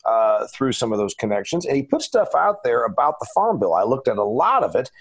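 A man's voice: medium pitch, very animated, a little fast, slightly rough. A man hosting a farm business podcast, talking in a chatty, emphatic, folksy way. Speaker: podcast host. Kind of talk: casual podcast chat.

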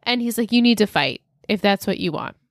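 Animated woman recapping a show. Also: mid-range voice, dry recording, clean studio sound. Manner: animated, acts out quotes in quick bursts. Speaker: podcast co-host recapping a TV episode. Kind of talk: casual chat.

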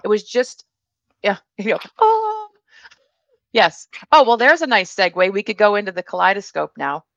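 A woman hosting a show, chatting in a relaxed and agreeable way with her guest. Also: medium pitch, normal speed, dry recording, lo-fi sound. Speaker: show host. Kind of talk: casual interview chat.

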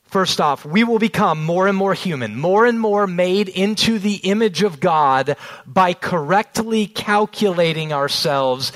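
A man in his thirties preaching a sermon, earnest, slowing down on key phrases and telling family stories along the way. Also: high-pitched, animated, fairly bright tone, low-quality recording. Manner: storytelling with family anecdotes. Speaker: pastor.

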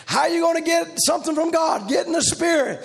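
A man preaching a revival sermon, his voice sitting unusually high and heavily gravelly. He swings into loud shouted runs with a driving preaching cadence. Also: fast talker.

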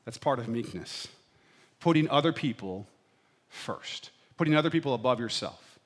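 A man's voice: medium pitch, animated, moderate pace. A middle-aged man preaching a sermon in a chatty, playful way, often checking in with the congregation. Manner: conversational preaching with playful asides, checking in with "right?". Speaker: pastor.

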